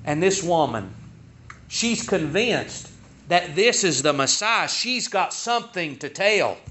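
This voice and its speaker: High, lively preacher. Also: male voice, slow pace, muffled recording, slight background noise. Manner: folksy, rhetorical questions, rising to emphatic peaks. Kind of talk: sermon.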